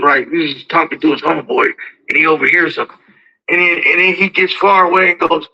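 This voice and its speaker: A man with a high-pitched, gravelly voice talks in a loose, rambling way, repeating words as he restarts his thoughts. His tone is strikingly bright and cutting. The audio sounds muffled and lo-fi. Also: fairly even intonation, moderate pace. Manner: repetitive, restarts, acts out quoted exchanges. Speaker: dog breeder. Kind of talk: casual talk. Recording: dull lo-fi audio.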